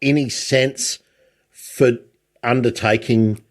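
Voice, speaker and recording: A man's voice: medium pitch, fairly even intonation, slow pace. A man hosts a podcast conversation, speaking in an ordinary mid-range voice. He talks in a chatty way, and his questions wander and circle back before he reaches the point. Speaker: podcast host. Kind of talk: casual interview.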